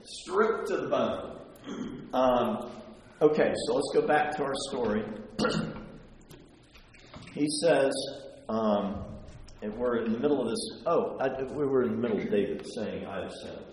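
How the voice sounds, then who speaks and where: A man's voice: mid-range voice, measured pace. A man leading an interactive Bible study, asking questions and acting out quotes. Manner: animated, asks the group questions, acts out quotes. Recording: echoey hall from a distance with noise.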